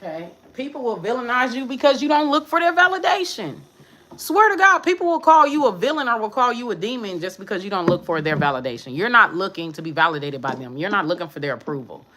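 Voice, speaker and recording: A woman tarot reader talking to her viewers in a brash, profane, sassy way, with emphatic bursts and quick muttered asides. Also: medium pitch, lively intonation, sharp tone, slight background noise, rough recording. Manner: emphatic, with sudden drops to mutters. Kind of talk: live tarot reading monologue.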